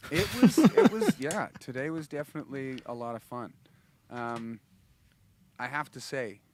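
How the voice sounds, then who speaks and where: A man's voice: mid-range voice, animated, unhurried, slight background noise. A man hosting a casual livestream, rambling and laughing, restarting his sentences often. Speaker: host and musician.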